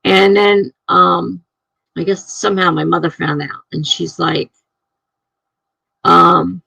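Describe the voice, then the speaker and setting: A woman's voice: on the low side, flat delivery, takes it slowly, gravelly, sharp tone, slightly rough, no echo, rough recording. A middle-aged woman streaming live, chatting casually and chuckling as she reads out viewer comments.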